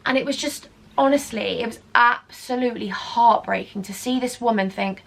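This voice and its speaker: A young woman in her twenties telling a storytime vlog in an animated, gossipy way, often dropping into whispers. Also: a little high, moderate pace, gravelly. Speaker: vlogger.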